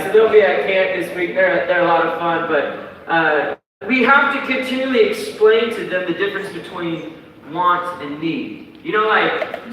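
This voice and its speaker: A man in his thirties preaching a sermon as a pastor, telling stories in a lively, dramatic, conversational way. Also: a little high, slight background noise. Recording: echoey hall from far off.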